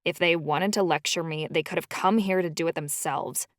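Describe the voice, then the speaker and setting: A woman's voice: deep voice, normal speed, no room sound, studio quality, close to an everyday voice. A woman voicing a fierce, hot-tempered young woman shifter who talks sharply. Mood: defiant. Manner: sharp, snapping.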